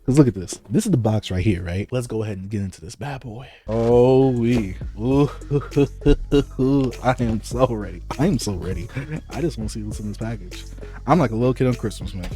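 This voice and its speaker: A young man unboxing manga in an excited, playful casual vlog, exclaiming and joking. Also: fairly low pitch, fast talker, soft background music. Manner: hyped, playful, exclamatory with laughs.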